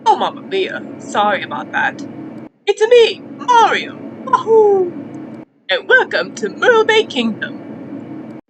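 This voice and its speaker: A woman voicing a cheerful, excitable male plumber hero who shouts Italian catchphrases. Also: very high voice, slow pace, noisy background, exaggerated voice. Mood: excited.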